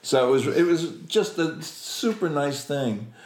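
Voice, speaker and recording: A man's voice: a little high, a little slow, reverberant. A man telling an anecdote as an interview guest, acting out the lines of the people in his story and laughing often. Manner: animated, acts out quoted voices, laughs often.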